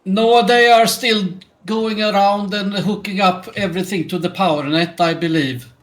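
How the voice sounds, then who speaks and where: Halting man with a put-on Swedish accent. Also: high-pitched, fairly even intonation, fairly bright tone. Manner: halting, many fillers and restarts. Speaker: player voicing a colony doctor. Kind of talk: tabletop role-play in character.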